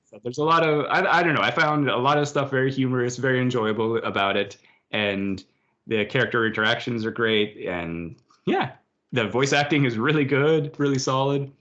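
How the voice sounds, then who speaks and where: A man hosting a podcast, chatting casually and retelling scenes with quick put-on voices. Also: mid-range voice. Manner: rambling, animated retelling with quoted voices. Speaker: podcast host. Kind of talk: casual chat. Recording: dull lo-fi podcast audio.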